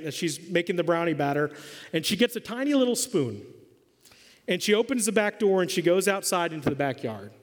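High-voiced preaching man. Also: sing-song, normal speed. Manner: emphatic, questioning the congregation. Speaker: pastor. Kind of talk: sermon. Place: church hall. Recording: long hall reverb.

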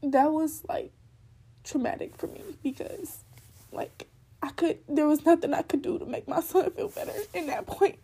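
A woman's voice: high-pitched, moderate pace, mellow. A young woman telling a personal story in a candid, rambling way, full of fillers.

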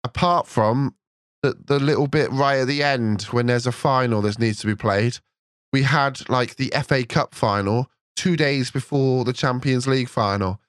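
A man co-hosting a podcast, chatting and telling a long story with excited energy. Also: medium pitch, normal speed, no echo, clean studio sound. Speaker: podcast co-host. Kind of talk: casual podcast chat.

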